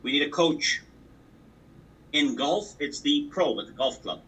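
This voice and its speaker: A man's voice: a little high, expressive, a little slow, fairly bright tone, recorded from a distance, rough recording. A man giving a motivational training talk on a call, emphatic and repetitive, driving his points home with sports analogies. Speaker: business opportunity trainer. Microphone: call audio.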